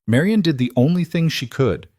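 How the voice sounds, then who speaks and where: A man reading a romance story aloud as scripted narration, steady and even. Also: a little high, normal speed, no echo. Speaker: audiobook narrator.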